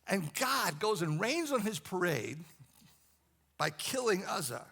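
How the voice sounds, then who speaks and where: A man's voice: high voice, very animated, slow, vocal fry, fairly bright tone. A man preaching a sermon, repeating phrases and building emphasis as he goes. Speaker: pastor.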